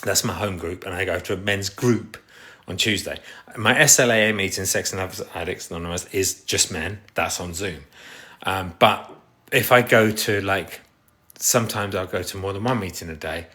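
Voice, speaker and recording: A man's voice: low voice, normal speed, bright, forceful tone. An English man chatting casually on a livestream, reading the comments and rambling with a self-deprecating humor. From England.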